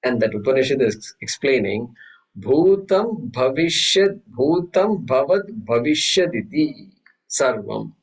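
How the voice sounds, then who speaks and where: A man teaching a scripture class, telling stories with many restarts and reciting Sanskrit verses slowly. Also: mid-range voice, a little mellow, poor audio. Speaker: Vedanta teacher. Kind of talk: spiritual class lecture.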